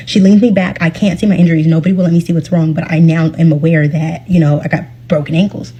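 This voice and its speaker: A woman's voice: fairly low pitch, fairly even intonation, fast talker, few pauses, warm tone, husky. A woman casually telling her own accident story in a chatty way, full of fillers and quoted speech. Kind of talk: casual first-person storytelling.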